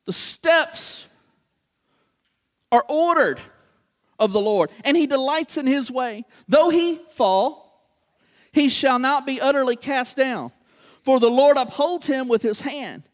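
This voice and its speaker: Man, preacher, very high voice, animated, acts out dialogue, sermon delivery. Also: measured pace.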